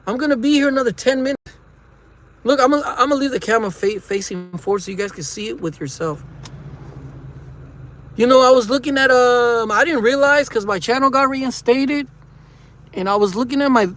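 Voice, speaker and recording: A man vlogging from his car in traffic, rambling and venting at his viewers, recorded on a phone on a dash mount. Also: very high-pitched. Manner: rambling, frustrated, talks to viewers as guys. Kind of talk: casual driving vlog. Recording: car interior with faint road hum.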